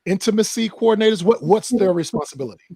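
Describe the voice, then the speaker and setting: A man hosting a casual interview chat, enthusiastic and quick to exclaim in delight. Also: high voice, lively intonation, dark tone, husky, no echo. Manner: enthusiastic, quick to exclaim "that's dope", "wow". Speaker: podcast host.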